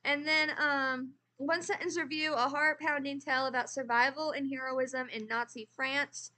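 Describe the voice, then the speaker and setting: A woman's voice: high voice, fairly even intonation, normal speed, pushed and bright. An American woman chatting casually as she reviews a book, rambling and correcting herself as she goes. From United States. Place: at a desk with a computer.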